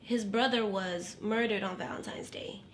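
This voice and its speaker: A woman in her late twenties, a podcast guest telling stories in a casual chat, animated and slangy, cussing freely. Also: medium pitch, normal speed, a little hiss or hum. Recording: roomy echo.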